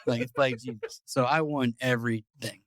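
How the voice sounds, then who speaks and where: A man's voice: medium pitch, fairly even intonation, moderate pace, fairly bright tone, no room sound. Rambling, profane male podcast host. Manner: rambling, profane, repeats words. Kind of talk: casual storytelling.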